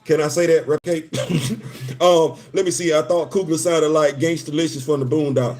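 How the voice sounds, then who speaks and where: Man in his fifties, livestream host, slightly high voice, laughs a lot, stammers and restarts. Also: fairly even intonation, moderate pace, a little mellow. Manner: laughs often, stammering restarts, heartfelt asides. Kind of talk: casual live-stream chat.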